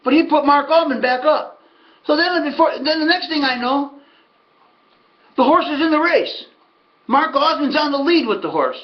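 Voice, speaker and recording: An animated middle-aged American man with a very high voice speaks at normal speed, leaving long pauses, on a muffled recording. A horse racing handicapper and host, he rambles casually through stories, chatty and full of folksy asides.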